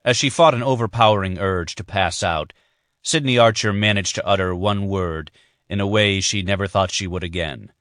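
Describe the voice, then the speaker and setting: A man narrates a thriller audiobook in a measured, even style. His voice is low, and the recording is close and dry with no room sound.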